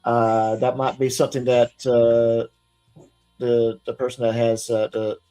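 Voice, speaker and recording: A man's voice: medium pitch, level tone, a little slow, mellow, clear, resonant tone, soft background music. A man hosting a live-stream commentary show, chatty and hesitant, with many restarts. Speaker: host.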